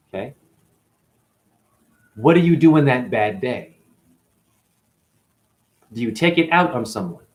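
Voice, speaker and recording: Animated man telling a spiritual story. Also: mid-range voice, unhurried, long pauses. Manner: lively, asks the audience questions. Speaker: spiritual teacher.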